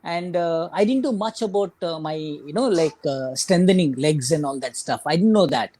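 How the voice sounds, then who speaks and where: A man's voice: a little high, moderate pace, darkish tone. A middle-aged Indian man with an Indian English accent, a guest runner telling his story in a casual interview, full of "you know" and "like".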